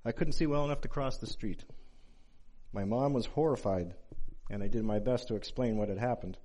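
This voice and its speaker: A man in his forties delivers a sermon at a mid-range pitch. He speaks in a measured, reflective way and pauses between phrases as he works through a personal story. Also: dark tone. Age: 40s.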